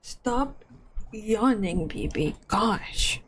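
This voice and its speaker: A woman's voice: medium pitch, animated, extremely slow, crowd noise. A woman streamer giving casual commentary while playing a game, with emotional, playful reactions. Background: game music.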